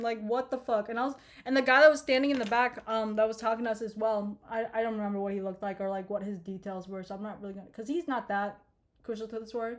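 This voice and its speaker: A woman's voice: a little high, fairly even intonation, fast. A young woman in her twenties casually telling a rambling, profane story to her viewers, with laughing asides. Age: 20s. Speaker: vlogger.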